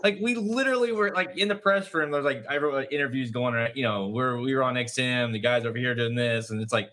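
A man co-hosting a racing podcast from a press room, chatting casually in an animated, exasperated rambling way. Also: mid-range voice, a little fast, slight background noise. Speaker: podcast co-host. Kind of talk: casual chat.

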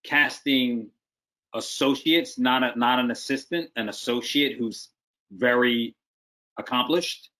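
A man's voice: medium pitch, slow pace, sharp tone. A man working as a casting director, giving direct, emphatic advice in a video-call interview.

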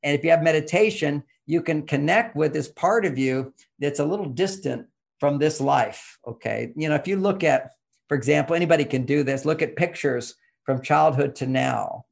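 A man's voice: a little high, moderate pace, vocal fry. A man explaining relationship advice in an interview, emphatic and teacherly, pushing his voice up on key points.

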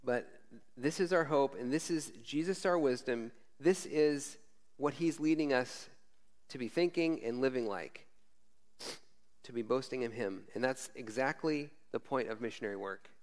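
A man's voice: mid-range voice, moderate pace, a little mellow. A man preaching a casual, conversational sermon as a former missionary, frank and informal, often tagging lines with "right?".

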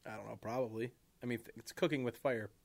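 A man's voice: medium pitch, fairly even intonation, fast talker, gravelly. Joking man with a mid-range voice. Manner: short profane quips and reactions. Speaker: podcast co-host. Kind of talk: casual chat.

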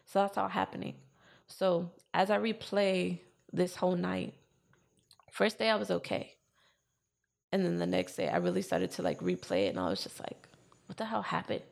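A woman's voice: fairly low pitch, moderate pace, creaky, pauses often. A woman telling a personal story in casual chat, acting out what she and others said. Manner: animated retelling, acting out her own quotes.

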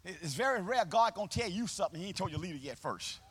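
A man pastor preaching a sermon live in a church, with a call-and-response, sing-song delivery that swells into shouts, and folksy, colloquial phrasing. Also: high voice, animated, fast, husky. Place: church sanctuary, live service.

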